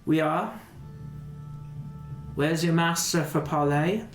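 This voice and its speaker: A man's voice: on the high side, takes it slowly, pitched above the performer's own voice. A man voicing a stern female draconian squad captain, curt and commanding. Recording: echoey room with music.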